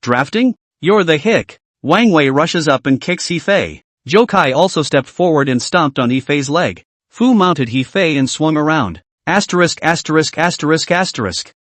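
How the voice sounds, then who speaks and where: A male narrator reading a comic recap with a lively, swinging pitch and a fairly high voice for a man. The sound is dry and close, with no room around it. He reads the dialogue and the narration alike in one steady voice. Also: normal speed, dry recording.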